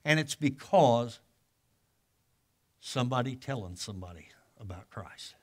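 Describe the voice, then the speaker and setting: An older man, a guest pastor, preaching a sermon in a folksy storytelling way, with casual grammar, swinging from loud exclamations to hushed asides. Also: medium pitch, lively intonation, a little slow. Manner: colloquial grammar.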